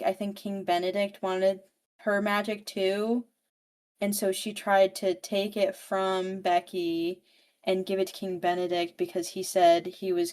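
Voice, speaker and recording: A woman's voice: lowish voice, a little mellow. A woman co-hosting a podcast, recapping a novel in casual, rambling chat full of "like" and swearing. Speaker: podcast co-host.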